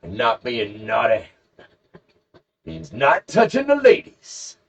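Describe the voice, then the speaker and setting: A man's voice: mid-range voice, huge pitch swings, slow. A man co-hosting a podcast who tells a rambling, jokey story in casual chat. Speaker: podcast co-host. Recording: dull lo-fi podcast recording.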